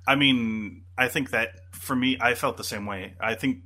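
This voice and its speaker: A podcast co-host with a mid-range voice chats casually at normal speed, sounding pushed and bright. He rambles, filling his speech with fillers and restarts.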